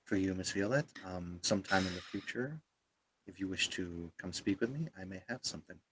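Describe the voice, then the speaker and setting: Man playing a commander, stern, formal, very low voice, hesitant. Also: a bit bright, slight background noise. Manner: formal, halting, polite. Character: stern formal young male military commander.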